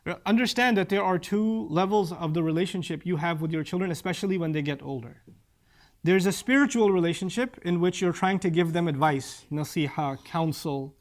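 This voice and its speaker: A man with a notably high voice preaches about parenting, earnest and direct. He drives his points home by repeating key lines and recites Arabic verses at speed. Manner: recites Arabic scripture quickly. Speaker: Islamic preacher. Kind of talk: religious talk on parenting.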